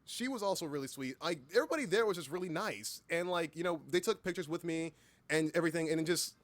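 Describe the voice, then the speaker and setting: A young man with a slightly high voice tells a story on a casual livestream. He gets excitable, swears now and then, and keeps breaking off and restarting his sentences. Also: fast. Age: young adult. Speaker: streamer and voice actor.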